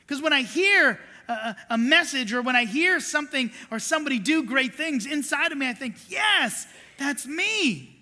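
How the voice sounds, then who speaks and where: A woman's voice: high-pitched, expressive, a little fast, few pauses, pushed and bright. A woman pastor preaching a sermon, telling a story with self-deprecating humor and acting out the quotes. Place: church sanctuary. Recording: reverberant church hall.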